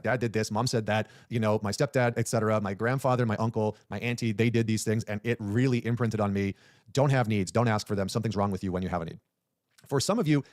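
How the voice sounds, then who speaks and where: Fast-talking male relationship coach. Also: mid-range voice, a little mellow, dry recording, clean studio sound. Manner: emphatic, repetitive, addresses the listener directly. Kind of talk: direct-to-camera advice talk.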